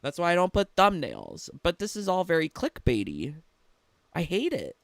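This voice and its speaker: A man's voice: sits high, huge pitch swings, moderate pace, gravelly, heavy background noise. A man giving profane, mocking reaction commentary on a gaming video, laughing often and swearing freely.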